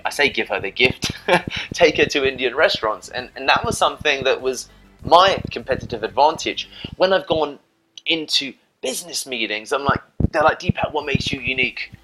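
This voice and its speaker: A British man gives dating advice straight to camera in a casual, rambling monologue, often tacking on "you know" and "right?". His voice is mid-range with a sharp tone, and the audio is poor.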